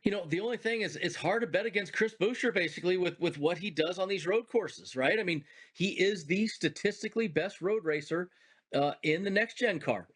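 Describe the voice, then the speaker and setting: A man's voice: high voice, brisk, husky. A man who is a former driver giving racing picks on a betting talk show over a remote call, speaking in an emphatic, enthusiastic way.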